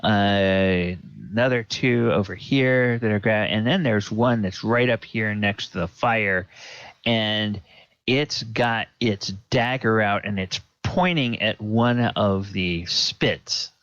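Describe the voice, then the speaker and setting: A man runs a tabletop game in a slow, unhurried narration, hesitating often with ums and restarts. The recording is dry and close, with a dull lo-fi tone. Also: on the low side, a bit bright, clear, resonant tone, no room sound. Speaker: game master.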